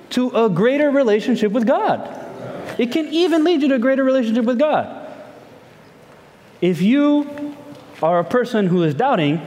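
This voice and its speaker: A man's voice: very high-pitched, darkish tone, big-room sound. A male pastor giving a sermon, talking conversationally and asking the listeners lots of rhetorical questions.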